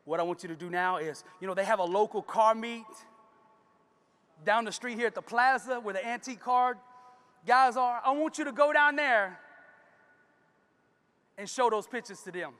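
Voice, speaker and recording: A man playing a patient, gentle father in a story he tells on stage, speaking to his young daughter in a lowered, tender voice. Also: normal speed, long pauses. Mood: guiding. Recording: long reverb of a conference hall.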